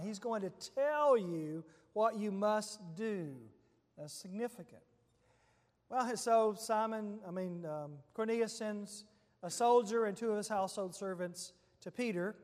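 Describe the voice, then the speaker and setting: Male preacher, high voice, conversational sermon, storytelling, long hall reverb. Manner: conversational storytelling with quoted scripture. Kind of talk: sermon, retelling scripture.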